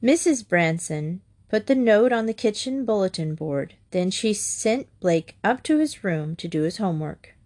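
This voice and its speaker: A woman narrating a children's chapter book in a clear, measured reading. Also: medium pitch, lively intonation, darkish tone. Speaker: audiobook reader.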